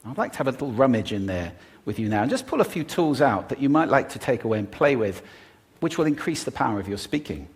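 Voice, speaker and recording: Speaking on stage before a live audience, a man who specializes in the voice gives a talk about speaking. He deliberately shifts his pitch, pace and volume, giving his delivery a sing-song quality.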